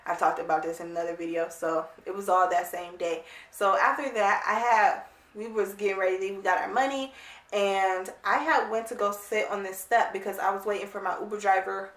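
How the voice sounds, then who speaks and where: Animated woman telling a story, roomy. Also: mid-range voice, brisk. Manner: animated, emphatic, blunt. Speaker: vlogger. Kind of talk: casual storytime. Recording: roomy, distant mic.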